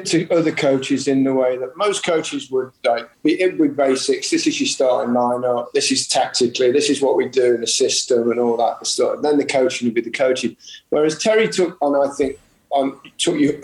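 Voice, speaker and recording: A man's voice: medium pitch, a little mellow. Man telling football stories in an echoey room. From England. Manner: anecdotal, laughing storyteller. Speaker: former footballer, pundit. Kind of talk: casual chat.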